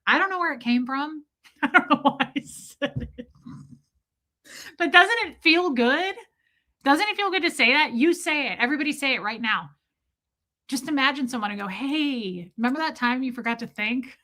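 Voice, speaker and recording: Bright-voiced woman hosting a live stream. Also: high voice, moderate pace, long pauses. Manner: animated, swears freely, laughs often, acts out quotes. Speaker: live-stream host reading chat. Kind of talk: casual live-stream chat.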